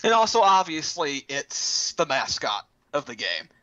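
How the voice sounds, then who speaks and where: Animated bright-voiced man, lo-fi sound. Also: fairly high pitch. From Texas. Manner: animated, breaks into quick silly voice impressions. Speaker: host of a gaming roundtable stream. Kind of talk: casual chat. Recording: lo-fi dull sound.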